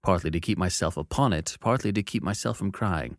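A man giving expressive, dramatic first-person narration of a classic novel. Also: sits low, brisk, no echo, studio quality.

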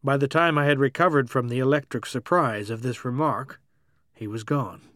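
Casting: male audiobook narrator, measured and literary, dry close-mic sound. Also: mid-range voice, a bit bright, no room sound.

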